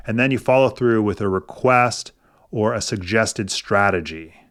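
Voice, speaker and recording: A middle-aged man hosting a personal finance video, explaining things in a thoughtful, casual way with gentle coaching and some hesitant restarts. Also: on the low side, normal speed. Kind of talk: casual explanatory talk to camera.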